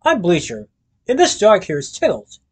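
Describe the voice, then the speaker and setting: A man voicing a sly, scheming stranger with a low, gruff voice. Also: wildly swooping pitch, moderate pace, exaggerated voice.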